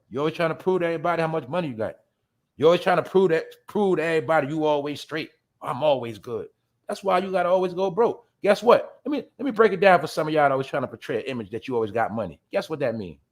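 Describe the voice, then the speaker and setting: High-voiced man ranting bluntly. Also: animated, fast talker. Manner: profane, blunt, addresses listeners as y'all; laughs at his own jabs. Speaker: show host. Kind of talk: ranting commentary.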